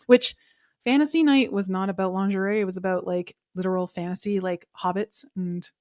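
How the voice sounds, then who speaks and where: A woman's voice: medium pitch, fairly even intonation, a little fast, a little mellow, dry recording. Woman podcaster gossiping about a reality show, lots of like and you know, opinionated, dry sound. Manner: chatty, filler-heavy, opinionated. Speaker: podcast host. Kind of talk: casual reality TV recap.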